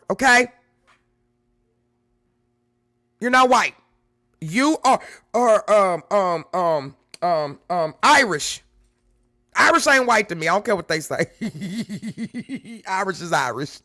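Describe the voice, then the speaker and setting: A man's voice: sits high, sharp tone, no room sound, studio quality. A man hosting a live stream, talking to his chat in an emphatic way, repeating lines and swearing freely. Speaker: livestream host.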